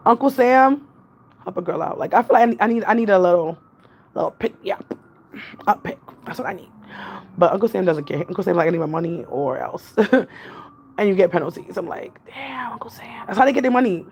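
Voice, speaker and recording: A young New York woman rambles through a casual livestream chat, her voice carrying a gravelly fry. She laughs often and drifts from one thought to the next. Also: medium pitch, animated, a little fast, pauses often, darkish tone, slight background noise. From Jamaican family. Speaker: vlogger.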